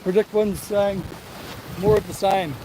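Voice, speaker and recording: A man's voice: sits high, steady tone, a little slow. A man with a New Zealand accent hosting a casual live stream from a sailboat, upbeat and jokey. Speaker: sailing vlog host. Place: on a sailboat at sea, outdoors. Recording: wind and water noise on deck.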